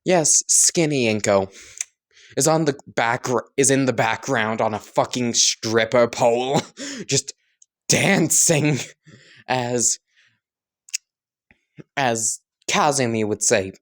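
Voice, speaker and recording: A man's voice: mid-range voice, lively intonation, takes it slowly, long pauses. A man casually improvising and narrating a fan story, rambling, joking and correcting himself.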